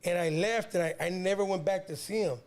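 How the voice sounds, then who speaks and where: A guest rapper from San Diego, California, a man in his fifties, tells a long personal story in a loose, slangy, rambling style, often saying words twice. His voice sits high, and he speaks a little fast.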